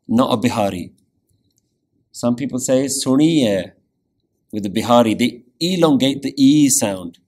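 Slow, patient man teaching scripture. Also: on the low side, darkish tone. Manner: patient, repeats words slowly to show pronunciation; asks "yeah?" to check the class follows. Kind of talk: scripture lecture.

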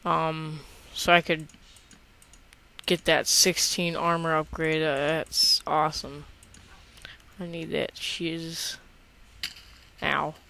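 Slow, relaxed woman narrating gameplay. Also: sits low, vocal fry, a little hiss or hum. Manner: relaxed, chatty, talks to herself while playing. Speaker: gameplay video host. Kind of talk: casual gameplay commentary.

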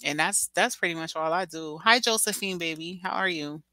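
A woman's voice: lowish voice, fairly quick, bright, forceful tone, no echo. A young woman hosting a casual livestream, talking to her chat in a chatty, dramatic way with lots of slang. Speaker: livestream host reading chat.

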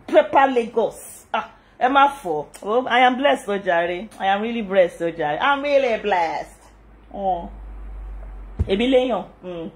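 A middle-aged Nigerian woman with a Yoruba-inflected accent speaks in a casual vlog, her voice pitched a little high. She talks with animated indignation, firing off rhetorical questions and breaking into frequent laughter. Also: fast. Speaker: channel host.

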